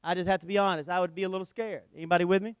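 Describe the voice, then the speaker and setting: Rapid-fire and high-sitting, a middle-aged man's clean voice carries a sermon with no room sound. He tells the story animatedly, shifting from loud emphasis to hushed lines.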